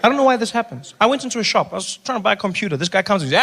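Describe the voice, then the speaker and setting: A man from South Africa doing stand-up comedy, telling stories quickly and dropping into hushed voices for the characters. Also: high-pitched, sing-song.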